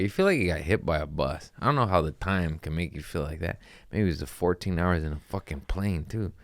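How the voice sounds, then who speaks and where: Deep-voiced young guy on a podcast, swears a lot, rambles, says bro, dry close sound. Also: no echo. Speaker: comedian and podcast host. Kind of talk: casual podcast storytelling.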